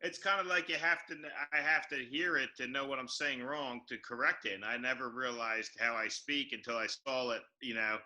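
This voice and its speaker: A man's voice: mid-range voice, steady tone, fairly quick, hardly any pauses, pushed and bright, low-quality recording. A man with a South Philadelphia accent, an improv student talking candidly and self-consciously in a casual discussion.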